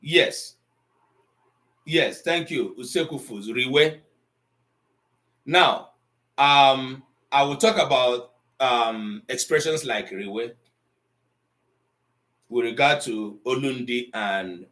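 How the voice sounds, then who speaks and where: A man teaching an online language class, pausing often with ums as he explains tone. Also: mid-range voice, a bit bright. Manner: slow, deliberate, with frequent ums and pauses.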